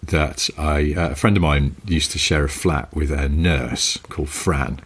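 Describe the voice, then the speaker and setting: Husky low-voiced British man telling stories. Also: unhurried. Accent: British English. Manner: storytelling, animated, chuckling. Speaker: podcast co-host. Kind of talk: casual chat.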